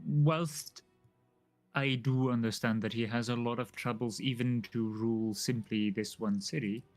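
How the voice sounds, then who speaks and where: A formal dwarf noble, voiced by a man, talks slowly and carefully, pausing often with little "um"s as he weighs each word. His voice sits a touch low, and faint music plays underneath. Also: fairly even intonation, natural voice. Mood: earnest. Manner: formal, hesitant, fills pauses with "um". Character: formal male dwarf noble, measured and secretive.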